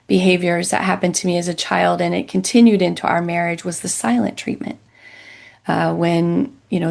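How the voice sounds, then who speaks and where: A woman's voice: fairly low pitch, gravelly, a little mellow. A middle-aged woman, a Christian counselor, earnestly telling a personal story as a guest in a podcast interview. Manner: earnest, reflective, with quick bursts and slow emphatic phrases.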